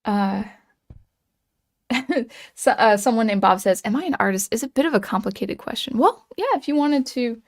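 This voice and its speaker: A woman's voice: a little high, moderate pace. A woman hosting a livestream, reading chat comments and musing aloud in casual chat, hesitant with many ums and restarts.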